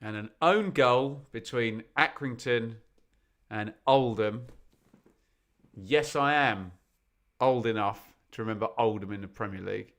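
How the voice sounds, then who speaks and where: A man hosts a live football stream with a bright, forceful tone. He chats and jokes casually, breaking into quick bits of song while reading out messages, his voice at a medium pitch through a desk mic. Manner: chatty, jokey, bursts into snatches of song. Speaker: football watch-along host.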